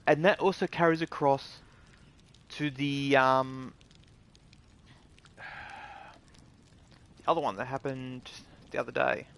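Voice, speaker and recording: A man's voice: mid-range voice, fairly even intonation, takes it slowly, vocal fry, pauses often. A man with an Australian accent giving a casual, indignant gaming rant in blunt words with swearing. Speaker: gaming video creator. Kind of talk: casual ranting commentary.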